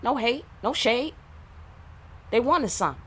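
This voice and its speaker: This tarot reader has a fairly high, breathy voice and speaks slowly but with animation. During a casual channeled reading she delivers blunt, foul-mouthed relationship advice, full of streetwise rhetorical asides and questions.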